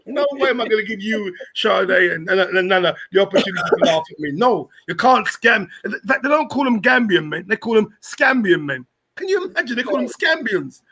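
A man, a comedian and broadcaster chatting as a podcast guest, joking and animated, with shouts when he tells a story. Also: high voice, brisk, slightly rough. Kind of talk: casual podcast chat.

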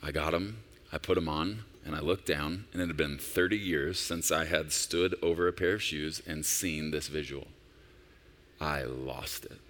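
A man in his forties delivers a sermon as a senior pastor, his voice sitting very low. He preaches conversationally, telling personal stories and rising into emphatic peaks. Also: fairly even intonation, moderate pace, hardly any pauses, a bit bright. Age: 40s.

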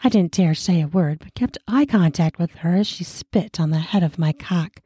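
A woman reading an erotic story aloud, slow and sensual. Her voice is mellow and breathy, a little low, close and dry. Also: no echo.

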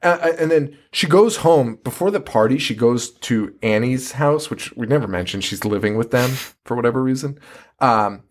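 Casting: lively, foul-mouthed co-host, pitch swinging widely, loose movie-recap banter. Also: moderate pace. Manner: animated, profane, laughing. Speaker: podcast co-host. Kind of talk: casual horror movie chat.

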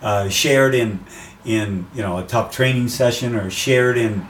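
A man speaking as an interview guest in casual conversation, animated, acting out quoted voices as he tells stories. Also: medium pitch, unhurried, roomy sound, recorded from a distance, a little hiss or hum, low-quality recording. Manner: animated storyteller, acts out quotes. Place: outdoors by the sea.

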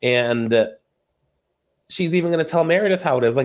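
A man hosting a casual podcast, recapping reality TV gossip in an animated, laughing way with free swearing. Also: on the high side, normal speed. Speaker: podcast host.

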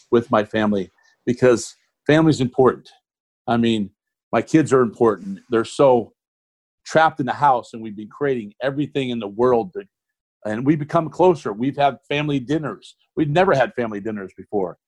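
A man's voice: mid-range voice, a little fast. Rambling middle-aged man, friendly guest. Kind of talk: casual interview talk.

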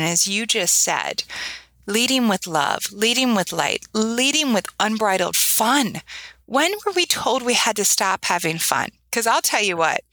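Bright, earnest woman in her 30s on a podcast, dry close sound, lots of "right?". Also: mid-range voice, no echo, poor audio. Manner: earnest, emotional storytelling with lively quoted voices; repeats "right?" for emphasis. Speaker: podcast guest. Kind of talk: heartfelt interview talk.

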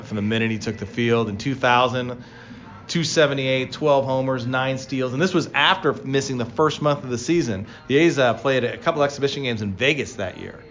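A man co-hosting a casual baseball talk show, telling player stories with lively excitement. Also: muffled recording. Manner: storytelling, animated, rising pitch when excited. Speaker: baseball podcast co-host, former player. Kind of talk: casual sports chat.

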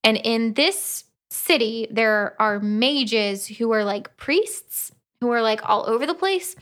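A woman's voice: fairly high pitch, lively intonation, takes it slowly, a bit bright. A woman co-hosting a podcast, retelling a novel's plot in casual chat and slipping into playful voices for the characters. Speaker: podcast co-host. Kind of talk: casual book-review chat.

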